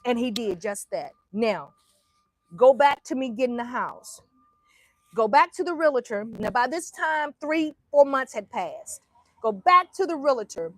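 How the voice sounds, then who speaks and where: Woman motivational speaker, faith testimony, emphatic and direct, slightly high voice, dry recording. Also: animated, measured pace, fairly bright tone, no room sound. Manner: emphatic, bold, talks straight to listeners.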